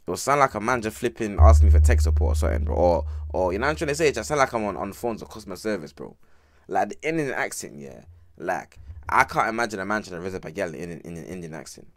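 A man's voice: sits low, big pitch swings, fast talker. A man streaming a casual reaction, talking to his chat in slang and laughing often. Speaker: streamer reacting to a music video.

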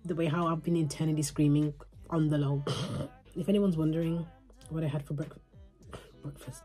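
Young woman, low-pitched, chatty and rambling, slightly sore throat, casual home vlog. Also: warm tone. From England. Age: 20s. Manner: chatty, filler-heavy, talks to camera. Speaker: vlogger.

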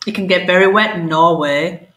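A woman voicing a tough male dog in a card-playing gang, drawling gruffly. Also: fairly low pitch, moderate pace, fairly bright tone, roomy sound, natural voice.

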